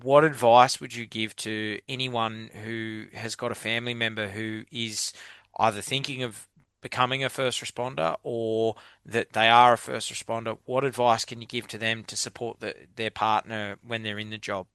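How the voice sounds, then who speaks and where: An Australian man hosts a podcast interview in a bright, crisp voice with a narrow range. He talks earnestly and keeps calling his guest mate. The sound is dry and close, over a video call. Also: medium pitch, little pitch movement, normal speed, dry recording. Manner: earnest, repeats "mate" often. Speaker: podcast host. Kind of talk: conversational interview.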